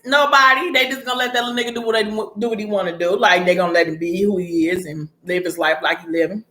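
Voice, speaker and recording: A woman's voice: medium pitch, fast talker, few pauses, a little hiss or hum. Blunt, chatty woman in an echoey room. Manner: blunt, animated, frequent profanity and slang. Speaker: vlogger recapping a TV series. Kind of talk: casual chat retelling a story.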